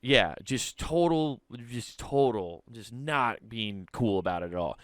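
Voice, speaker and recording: A man co-hosting a podcast, telling animated stories in casual chat, swearing freely and laughing through them. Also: mid-range voice, measured pace, no echo. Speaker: podcast co-host.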